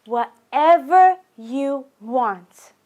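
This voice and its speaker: A tender father coaxes his crying daughter, played by a woman. He speaks slowly and softly, repeating himself as he pleads. The voice sits high and unhurried. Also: expressive, highs cut off, heavily acted. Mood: tender pleading. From Iran. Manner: soft, slow, coaxing, repeating himself.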